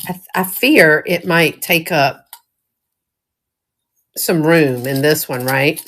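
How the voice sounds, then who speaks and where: A middle-aged woman with a Southern US accent chats on a live stream about thrifted jewelry she's displaying, giggling often in a folksy, casual manner. Her voice is deep and a bit bright, and she talks slowly.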